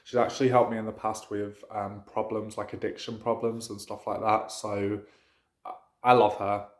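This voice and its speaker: A man's voice: on the low side, little pitch movement, normal speed, reverberant. A man talking casually to camera about his practice in a chatty, rambling way, with lots of fillers. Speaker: witchcraft vlogger.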